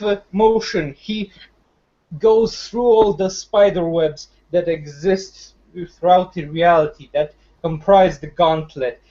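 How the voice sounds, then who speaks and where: Slow, searching male player, slightly high. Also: mellow, muffled recording. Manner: slow, searching, with many fillers. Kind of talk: describing his character's actions in a tabletop game.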